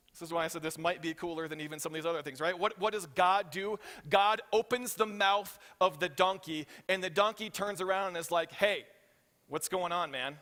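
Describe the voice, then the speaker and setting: A man preaching a sermon as pastor, telling the story with animated voices for the characters and often checking in with the congregation. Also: high-pitched. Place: church hall. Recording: reverberant hall.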